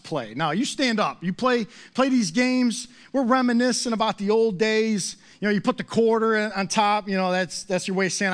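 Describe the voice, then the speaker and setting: A man's voice: high voice, fairly bright tone. A middle-aged man preaching a sermon as pastor, conversational and full of rhetorical questions and self-mocking humor.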